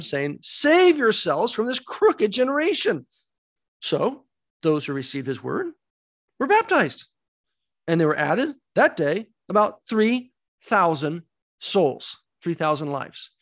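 A man's voice: a little high, big pitch swings, unhurried, a bit bright. A man teaching a Bible study class, emphatic, asking rhetorical questions and repeating key words.

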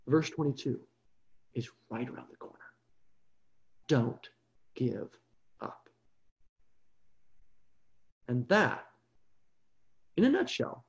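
Bible study leader for an evening online group, mid-range voice, animated storytelling, dull lo-fi stream. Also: mid-range voice. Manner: animated storytelling with frequent check-ins.

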